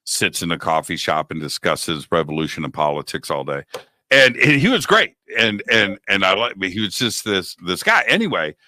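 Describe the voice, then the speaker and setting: A man in his sixties hosting a talk show, telling a story in a lively conversational way and acting out the people he quotes. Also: low-pitched, moderate pace, no echo. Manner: animated, acts out quoted dialogue. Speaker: radio show host.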